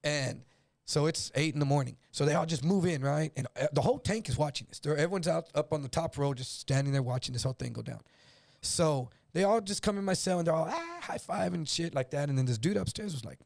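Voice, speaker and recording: Man, from El Paso, animated storyteller, fry in the voice, dry sound. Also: a little high, quick pace, no room sound. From El Paso, Texas. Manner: animated telling, acts out quoted voices, swears freely. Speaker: guest storyteller. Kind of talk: casual storytelling on a livestream.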